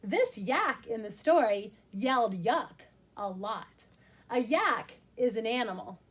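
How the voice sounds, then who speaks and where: Lively high-voiced woman teacher. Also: husky. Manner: expressive and animated, explaining words slowly and simply. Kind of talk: reading a picture book aloud to young children.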